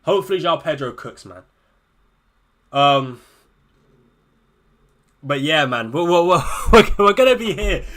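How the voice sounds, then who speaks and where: A man's voice: on the high side, lively intonation, a little slow, pauses often, fairly bright tone. A man streaming live to his viewers, anxious and swearing, repeating himself as he talks things over with chat. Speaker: fantasy football streamer.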